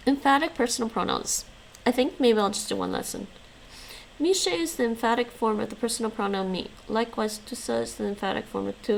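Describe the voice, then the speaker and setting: A woman hosting a casual language-learning stream. She reads lesson notes aloud and chats loosely with her viewers, laughing often. Her voice has a gravelly, creaky texture, with faint noise behind her. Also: fairly high pitch, a little fast, low-quality recording. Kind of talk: casual live-stream chat.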